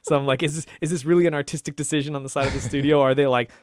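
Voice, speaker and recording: A man co-hosting a casual podcast discussion, talking in an animated, rambling way with restarts and laughs. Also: on the high side, racing, no room sound, studio quality. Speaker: podcast co-host.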